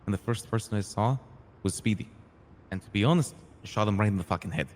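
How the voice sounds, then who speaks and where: A streetwise crew boss, voiced by a man in a roleplay game, earnest and hot-tempered. He tells his side animatedly, acts out the lines of others and swears freely. His voice sits a little low, with a long reverb tail behind it. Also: fast talker, natural voice. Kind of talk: in-character storytelling in a roleplay game.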